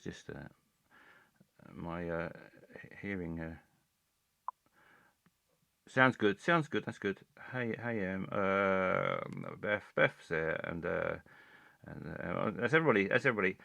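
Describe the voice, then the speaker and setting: A man hosts a comic live stream in a lowish voice, rambling and halting as he trips over his words. The sound is dry and close to the mic. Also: vocal fry, fairly bright tone, dry recording. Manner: halting, rambling, full of fillers and restarts.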